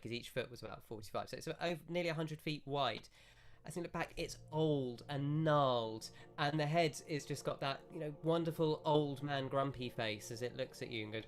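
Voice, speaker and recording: A man's voice: on the high side, clear, resonant tone. A man narrating a tabletop role-playing game as game master, with rambling, self-correcting descriptions.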